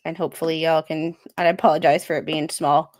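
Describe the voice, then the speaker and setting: A woman's voice: low-pitched, level tone, fairly quick, darkish tone. A woman hosting a casual livestream, reading a court filing aloud with sarcastic asides and frequent fillers. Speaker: livestream host.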